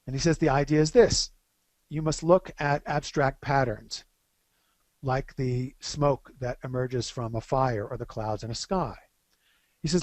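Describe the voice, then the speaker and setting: A middle-aged man speaking as the guest expert on a webcast interview, an animated storyteller who slows down to stress key phrases. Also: medium pitch, no room sound.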